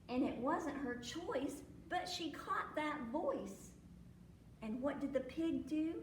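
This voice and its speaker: A woman reads a picture book to children, lively and full of acted sneezes and animal noises. Her voice is high and her pace slow and deliberate. The mic sits some way off in an echoey library room, with a faint hum behind her. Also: distant mic. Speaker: librarian reading at storytime. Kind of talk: children's storytime read-aloud.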